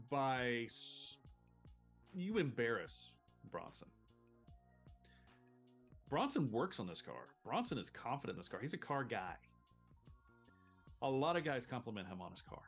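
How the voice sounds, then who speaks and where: A man's voice: medium pitch, breathy edge, narrow, tinny audio. A man running a tabletop game as game master, narrating casually, rambling and swearing freely.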